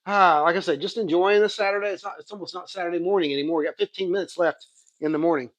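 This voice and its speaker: A man casually chatting through his comic book haul in a relaxed, rambling way, often correcting himself. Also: high-pitched, fast, dry recording, highs cut off. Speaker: comic collector showing a haul. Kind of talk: casual unboxing chat.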